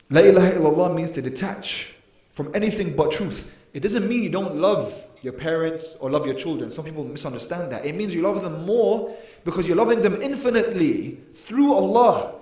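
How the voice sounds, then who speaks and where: A man's voice: on the high side, a little mellow. A man giving an earnest mosque lecture, emphatic, with sudden rises and drops in volume. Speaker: preacher. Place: mosque hall. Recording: echoey mosque hall.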